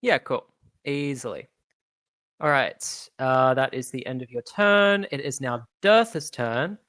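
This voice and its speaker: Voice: mid-range voice, measured pace, fairly bright tone, no room sound. A game master narrating a tabletop game in a laid-back, hesitant way with many ums.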